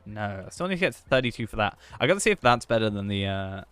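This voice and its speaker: A man's voice: lowish voice, very animated, quick pace, fairly bright tone, smooth, dry recording. A man streaming a game, chatting casually and thinking aloud in a rambling, self-mocking way. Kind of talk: casual gameplay chat.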